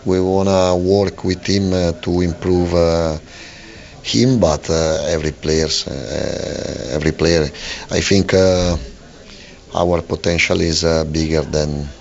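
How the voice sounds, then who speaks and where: Slow gravelly-voiced man, halting. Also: low voice, fairly even intonation, a little mellow. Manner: halting, many fillers and restarts. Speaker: football manager. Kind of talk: post-match radio interview. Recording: lo-fi radio broadcast.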